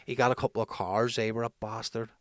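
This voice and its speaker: A man's voice: lowish voice, level tone, fast, dry recording. A young man co-hosting a casual talk show, swearing freely and laughing easily. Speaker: podcast co-host. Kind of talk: casual banter.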